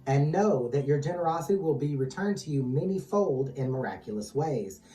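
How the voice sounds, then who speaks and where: Mellow, echoey tarot reader. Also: mid-range voice, moderate pace. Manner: steady and calm, invokes guides in a repeated chant-like way. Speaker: tarot reader, channel host. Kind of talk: tarot reading, casual chat. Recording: echoey distant mic with music underneath.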